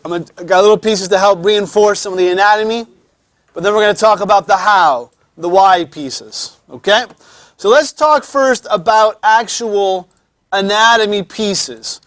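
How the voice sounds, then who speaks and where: Chatty high-voiced male teacher. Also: fairly bright tone, no echo. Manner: conversational, repeats words, frequent pauses to explain. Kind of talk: classroom lecture. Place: classroom.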